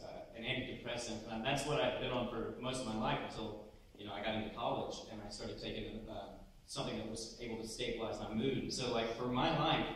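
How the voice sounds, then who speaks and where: Brief: young man on a panel, candid, joking, quick talker; distant mic, booming hall echo. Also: slight background noise. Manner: candid, joking, fast-talking. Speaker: student panelist. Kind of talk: lecture panel, personal stories. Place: large lecture hall. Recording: echoey hall, mic from far off.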